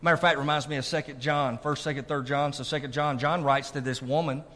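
A man's voice: a little high, steady tone, fast, bright, forceful tone. A male pastor preaching a sermon, calling out to his congregation to check they are listening. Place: church sanctuary. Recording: long reverb of a large hall.

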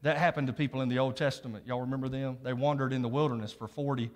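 A man's voice: medium pitch, fairly even intonation, quick pace. A middle-aged male pastor preaching a sermon in a church, conversational and joking with the congregation between scripture readings. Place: church sanctuary. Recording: long hall reverb.

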